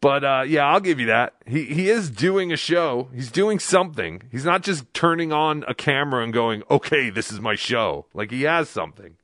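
A man's voice: on the high side, animated, normal speed, hardly any pauses, fairly bright tone, no room sound, studio quality. A man hosting a live podcast, giving casual, wry commentary over a clip he plays. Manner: chatty, wry, lots of "like". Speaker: podcast host.

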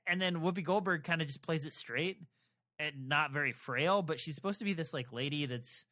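A man co-hosting a podcast, talking casually and haltingly with many fillers and restarts. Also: a little high, pushed and bright. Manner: rambling, hesitant, lots of fillers and restarts. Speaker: podcast co-host. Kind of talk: casual chat about a TV adaptation.

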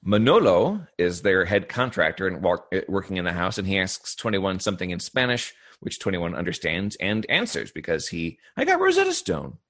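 A young American man with a fairly low voice chats casually on a podcast. He drifts between recapping an episode and his own stories, talking laid-back and easygoing. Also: lively intonation, normal speed, hardly any pauses, fairly bright tone. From United States. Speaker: podcast co-host.

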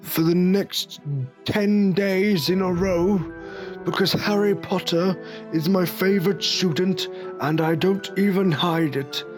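A man's voice: high voice, fairly even intonation, music in the background, voice pushed up. Dumbledore, as a man puts him on. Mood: grandiose. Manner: drawn-out, grandly declaiming. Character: slow, solemn aging male wizard headmaster.

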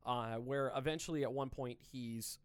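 A man's voice: mid-range voice, fairly even intonation, moderate pace, clear, resonant tone, no room sound. Joking, foul-mouthed male podcast host. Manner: loose, joking, swears freely. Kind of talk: casual chat.

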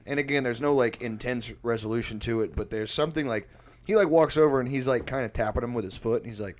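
Man, mid-pitched, casual storyteller, profane, rambling, laughs a lot. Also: animated, fast. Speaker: musician.

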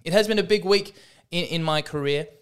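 Rambling comedian, smooth voice. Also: male voice, fairly high pitch, brisk. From Australia. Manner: rambling, self-deprecating, with frequent restarts. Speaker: podcast host. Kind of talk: casual comedic monologue.

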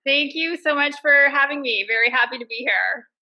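A woman from Canada, a blogger guest on a podcast, answering in a relaxed, thoughtful way with pauses and fillers. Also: high-pitched, highs cut off. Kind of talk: casual interview answers.

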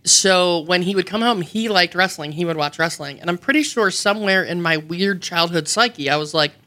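A woman guest on a radio show, telling animated, self-mocking childhood stories in a casual way. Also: fairly low pitch, normal speed. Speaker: guest, wrestling personality. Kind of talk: casual storytelling. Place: radio studio.

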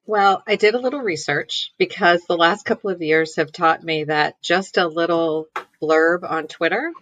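A woman guest on a podcast panel chat who talks in a measured way and lays out context. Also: on the low side, a bit bright, no room sound, dull audio.

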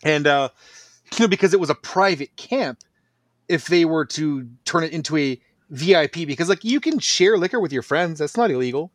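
A man's voice: a little high, animated, moderate pace, no echo, clean studio sound. A man in casual podcast chat, explaining at length with plenty of fillers. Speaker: podcast guest.

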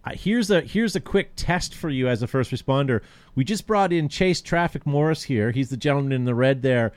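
A man's voice: medium pitch, animated, brisk. A man hosting a casual online chat show, greeting guests in a friendly, laughing way. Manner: friendly, laughing, welcomes callers. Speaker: host.

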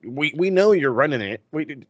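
A man's voice: on the high side, moderate pace, no echo, muffled recording. A man co-hosting a podcast, chatting casually with lots of swearing and restarts. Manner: profane, animated, lots of restarts. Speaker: podcast co-host. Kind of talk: casual chat.

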